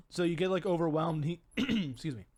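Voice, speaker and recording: A man's voice: fairly high pitch, moderate pace, darkish tone, breathy edge. A young man co-hosting a casual podcast, telling a long story with stumbles, repeated words and laughter. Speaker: podcast co-host. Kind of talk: casual chat.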